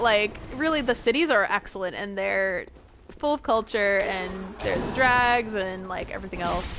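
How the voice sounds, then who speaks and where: A woman from the northern United States, a streamer chatting casually with viewers while playing a game, talking fast. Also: mid-range voice, background noise.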